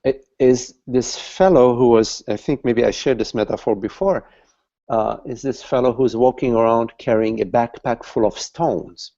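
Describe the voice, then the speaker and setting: Over muffled online call audio, a man leading satsang as a spiritual teacher talks slowly and haltingly, repeating words while groping for the right ones. He has a mellow, mid-range voice.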